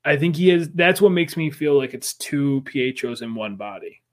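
A man's voice: medium pitch, expressive, moderate pace. A man co-hosting a podcast in casual chat, speculating eagerly and jumping between ideas. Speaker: podcast co-host.

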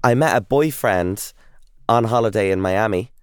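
A man's voice: on the low side, moderate pace, clean tone, no echo, studio quality. A man with an Irish accent in his thirties, chatting enthusiastically as an interview guest, telling stories with many fillers and restarts. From Ireland. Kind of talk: casual interview chat.

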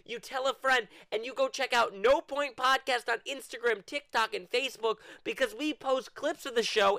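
A man's voice: high voice, bright, forceful tone, no echo. A man hosting a casual podcast, teasing his co-host and reading the show's sign-off. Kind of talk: casual chat and show sign-off.

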